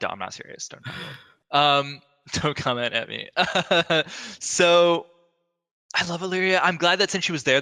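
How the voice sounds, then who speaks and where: A man's voice: medium pitch, bright, forceful tone, big-room sound. A man co-hosting a game lore reaction show, talking casually and a bit hesitantly. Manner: hesitant, restarts, laughs at himself. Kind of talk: casual chat.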